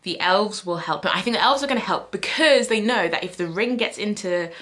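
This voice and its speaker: A woman's voice: medium pitch, a little fast, a bit bright. A young woman chatting casually to camera in a vlog, rambling and thinking aloud with fillers and self-corrections. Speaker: book vlogger.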